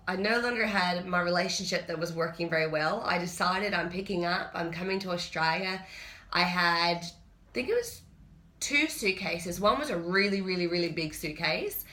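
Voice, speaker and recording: A woman's voice: on the low side, sharp tone. A woman, a personal trainer, telling a personal story in a chatty, candid vlog. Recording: roomy echo.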